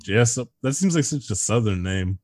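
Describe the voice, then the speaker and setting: A man's voice: lowish voice, moderate pace, no room sound. A man in his thirties co-hosting a casual podcast, joking darkly and laughing often. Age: 30s. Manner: sardonic, dark humor, laughs often. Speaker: podcast co-host.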